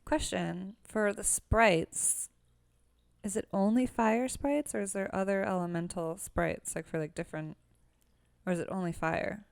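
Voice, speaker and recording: A woman's voice: medium pitch, a little slow, vocal fry, no echo. A young woman co-hosting a casual book podcast, talking loosely with lots of fillers. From Los Angeles area. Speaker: podcast co-host. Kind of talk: casual chat.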